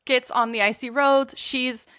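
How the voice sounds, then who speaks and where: A woman co-hosting a rewatch podcast, telling the plot with animated exasperation. Her voice sits high and bright. The sound is dry and close. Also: measured pace, smooth, no room sound. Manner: animated, exasperated storytelling with frequent laughs. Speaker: podcast co-host. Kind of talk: casual movie recap chat.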